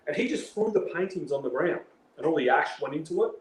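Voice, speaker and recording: A man's voice: a little high, animated, fast talker. Australian man rambling a story. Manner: rambling, full of filler tags and slang. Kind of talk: casual storytelling. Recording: roomy with faint background noise.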